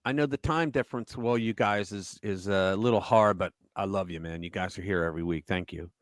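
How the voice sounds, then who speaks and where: A middle-aged man hosting a live political commentary stream, animated and sarcastic, stopping to react while he reads headlines aloud. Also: low voice, a little fast, dry recording. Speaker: host.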